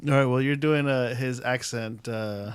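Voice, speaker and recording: A man's voice: mid-range voice, steady tone, a little slow, clean tone, dry recording. A man on a podcast asking curious, naive questions in casual chat.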